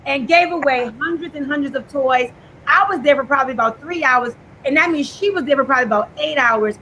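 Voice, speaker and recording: A woman's voice: high voice, brisk, sharp tone, a little hiss or hum, rough recording. A woman speaking on a live video call, telling a heartfelt story with some fillers. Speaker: guest.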